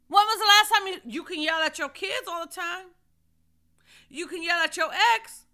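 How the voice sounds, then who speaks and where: Woman preacher, bright high voice, fervent sermon with shouted praise, mother of kids. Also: a little slow, long pauses. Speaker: ministry leader.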